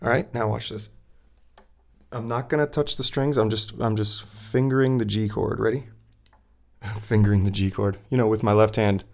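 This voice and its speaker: A man's voice: on the low side, steady tone, moderate pace, vocal fry, darkish tone. A man hosting a solo podcast, rambling and restarting his sentences with lots of fillers. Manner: rambling, self-interrupting, with many fillers. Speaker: podcast host.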